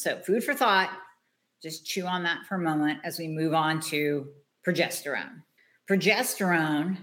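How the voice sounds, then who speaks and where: A woman hosting a health podcast, speaking bluntly and emphatically, with casual swearing and long rapid lists. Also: fairly low pitch, a bit bright. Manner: runs quickly through long lists. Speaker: hormone health practitioner and podcast host. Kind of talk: solo podcast monologue giving health advice.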